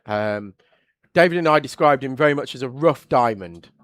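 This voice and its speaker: A man with an English accent doing live motorsport commentary, chatty and quick to react loudly when something happens on track. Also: medium pitch, expressive, dry recording, studio quality. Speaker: race commentator.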